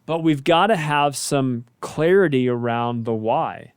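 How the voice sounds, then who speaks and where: A man's voice: mid-range voice, a little slow, clear, resonant tone, no echo. A man who is a pastor and co-host, speaking in a reflective, conversational way about finding purpose. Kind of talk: casual faith talk.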